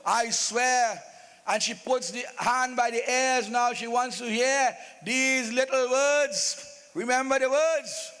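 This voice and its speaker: A high-voiced man narrates a religious folk play live, slipping in playful jokes. His voice booms with long echo through an open-air loudspeaker. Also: fairly even intonation, takes it slowly, smooth. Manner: playful, joking asides. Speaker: stage narrator.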